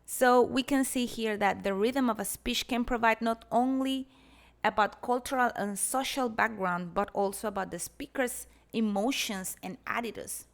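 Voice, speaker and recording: Measured woman lecturing. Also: a little high, vocal fry. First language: Spanish. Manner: measured, explanatory, demonstrates examples aloud. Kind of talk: academic lecture narration.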